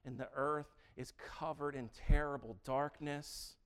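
A man preaching a sermon in a conversational, animated way, often restarting his sentences. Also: fairly high pitch, measured pace, smooth. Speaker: pastor.

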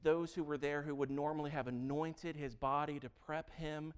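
Male pastor, casual and animated sermon delivery, light tenor voice. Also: fairly high pitch, moderate pace, smooth. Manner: animated, conversational preaching with frequent restarts.

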